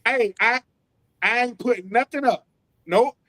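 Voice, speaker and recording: A man in his forties with a notably high speaking voice chats on a sports podcast. He is animated and slangy, and he keeps acting out the people in his stories. He sounds like a former player talking shop with his co-hosts. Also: measured pace, rough recording. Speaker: co-host, former football player. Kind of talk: casual sports podcast chat. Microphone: streamed remote call.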